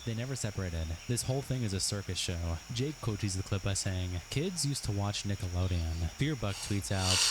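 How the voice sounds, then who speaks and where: A man narrating, reading online posts aloud in a matter-of-fact way. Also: lowish voice. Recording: noisy recording.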